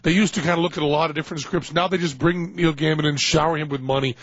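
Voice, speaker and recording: A man's voice: on the high side, steady tone, fast, fairly bright tone, highs cut off. A man hosting a radio show in casual banter, rambling and joking with big exaggerations. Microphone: studio microphone.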